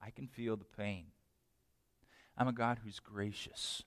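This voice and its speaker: A man's voice: a little high, normal speed, fairly bright tone, dry recording, in a large hall, lightly acted. A man voicing God, earnest and tender.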